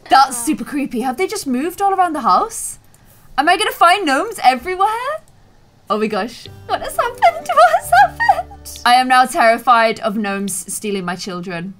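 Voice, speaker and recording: A young woman hosting a gameplay video, chatting excitably and gasping at surprises. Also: sits high, heavy background noise. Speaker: let's play host. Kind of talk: gameplay commentary.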